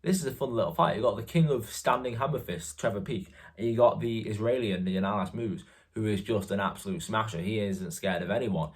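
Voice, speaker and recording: A man's voice: lowish voice, a little fast, few pauses. A young man giving casual fight predictions in a rambling, forgetful way, often stopping to correct himself.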